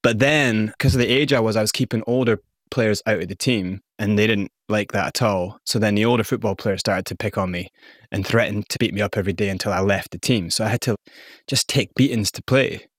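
A man with a Scottish accent, a guest in an interview, recounting his past with candid, animated storytelling. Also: on the low side, fairly quick, no room sound, studio quality. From South Africa and Scotland. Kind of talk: personal storytelling.

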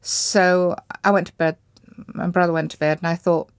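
An Indonesian woman, interviewed as a guest, recalls her past reflectively, searching for words and often circling back to restart. Her slightly low voice has fairly even intonation and a moderate pace. The recording is close, dry and clean, with no echo.

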